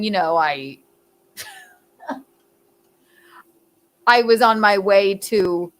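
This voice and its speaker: A woman's voice: medium pitch, extremely slow, long pauses. A woman hosting a casual comedic commentary show, rambling and giggling as she talks, and swearing freely. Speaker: host.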